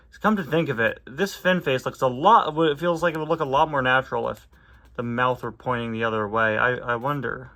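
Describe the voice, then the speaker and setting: A man's voice: a little high, bright, forceful tone. A man reading comics aloud and commenting in a chatty, self-deprecating way. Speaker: toy and comic reviewer.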